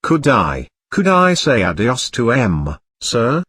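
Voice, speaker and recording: A man voicing a huge, shaggy, soft-hearted male groundskeeper who speaks in a halting, weepy way. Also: mid-range voice, huge pitch swings, breathy edge, no echo, studio quality, full character voice. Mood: tearful.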